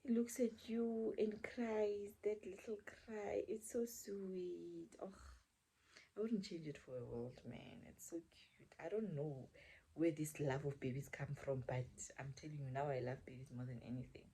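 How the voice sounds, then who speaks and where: A woman's voice: fairly low pitch, fairly even intonation, measured pace, dark tone, slightly rough. A young woman telling a chatty storytime to her viewers, often dropping into a whisper. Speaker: vlogger. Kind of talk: casual storytime chat.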